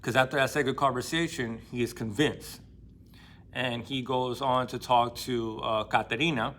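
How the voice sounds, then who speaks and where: A man's voice: medium pitch, fairly even intonation, normal speed, fairly bright tone, a little hiss or hum. A man casually retelling a novel's plot in loose, slangy speech full of fillers and restarts. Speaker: book discussion vlogger. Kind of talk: casual spoken book recap.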